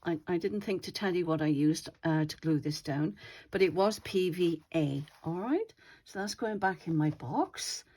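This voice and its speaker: Craft host, female, lower pitch, relaxed rambling tutorial delivery, thinks aloud. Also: moderate pace. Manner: chatty, rambling, thinks aloud while handling materials. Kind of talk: casual slow-stitching tutorial.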